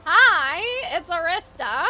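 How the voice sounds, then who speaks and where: A woman's voice: very high voice, expressive, takes it slowly, bright, forceful tone, faint music behind, heavily acted. A woman playing a flustered fortune teller. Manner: polite, flustered, stammering. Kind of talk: roleplay dialogue.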